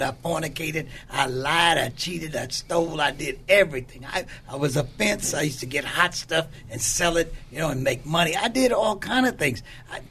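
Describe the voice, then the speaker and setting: A man's voice: fairly high pitch, fairly bright tone, a little hiss or hum. An older man, a bishop from Oakland, telling his life story emphatically and acting out the quotes in a preacherly cadence. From Oakland, California. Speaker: bishop, guest. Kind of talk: candid testimony in a conversation.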